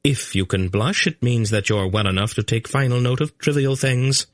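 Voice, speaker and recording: A man voicing a calm, commanding sorceress who speaks crisply and with motherly authority, in an audiobook reading. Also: medium pitch, no echo, clean studio sound, voice pushed up, natural voice. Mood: dry, firm. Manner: crisp, brisk, gently condescending. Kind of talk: audiobook character voice.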